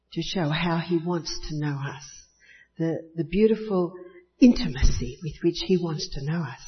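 A woman preaching at a retreat, telling homely stories, laughing often and stressing key words with sudden rises. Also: medium pitch. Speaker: speaker at a retreat. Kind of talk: sermon. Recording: muffled recording with long hall reverb.

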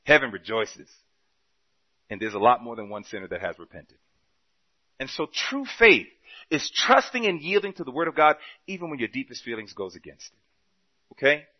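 A man preaching a sermon, telling a story with quoted dialogue and swinging between loud and soft passages. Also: medium pitch, sing-song, moderate pace, long pauses, muffled recording.

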